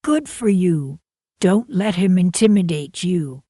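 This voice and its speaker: A woman's voice: on the low side, expressive, slow, warm tone, dry recording, clean studio sound. A woman voicing a loyal older female friend in a storybook narration, soothing and indignant on her friend's behalf. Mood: sympathetic.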